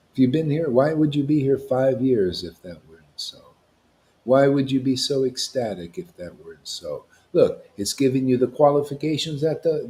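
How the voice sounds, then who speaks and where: A spiritual teacher delivers an impassioned devotional sermon to a gathering of devotees in a mid-range voice. He is emphatic and confrontational, drops in casual slang, and swings between loud declarations and hushed asides.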